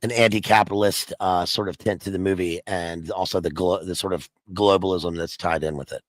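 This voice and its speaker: A man's voice: low voice, fairly even intonation, fairly quick, no room sound, low-quality recording. A man, a guest on a video stream, chatting casually and musing aloud with many restarts. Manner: rambling, restarts often, muses aloud. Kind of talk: casual chat.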